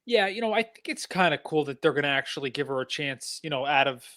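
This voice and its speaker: A man's voice: a little high, expressive, quick pace, a bit bright, no room sound, clean studio sound. A man co-hosting a horse-racing podcast, easygoing and a bit hesitant, repeating words as he thinks. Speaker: podcast co-host. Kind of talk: casual handicapping chat.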